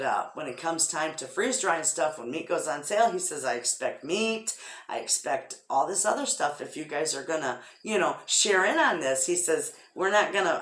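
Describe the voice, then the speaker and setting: A middle-aged Midwestern American woman with a low voice chats casually to her viewers and acts out what others said. Her talk rings in an echoey room, with crickets chirping faintly behind her. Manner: chatty storyteller, quotes others in lively voices. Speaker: homestead vlogger. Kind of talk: casual chat to camera.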